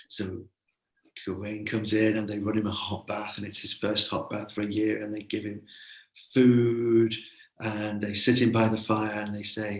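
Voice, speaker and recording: A man telling a story live in a playful, animated way, with chatty asides. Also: fairly low pitch, a little slow, reverberant, rough recording.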